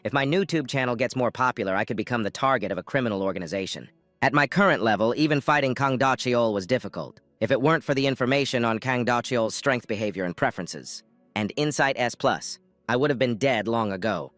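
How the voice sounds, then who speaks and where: A man voicing a calm, deadpan young male hunter in a storybook recap, muttering his thoughts. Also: mid-range voice, quick pace, no echo, soft background music, close to an everyday voice. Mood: relieved.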